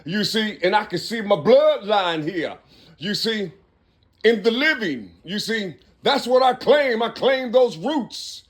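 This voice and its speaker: A man recording himself in a rambling monologue, working through numbers and letters aloud with halting restarts and asking "you see?" again and again. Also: high voice, animated. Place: Cincinnati, Ohio.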